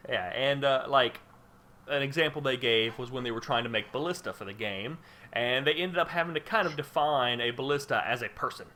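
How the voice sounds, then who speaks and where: A man's voice: medium pitch, fairly quick, sharp tone, slight background noise. A man hosting a casual gaming podcast, rambling with lots of fillers and restarts. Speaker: podcast host. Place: home room under a spotlight.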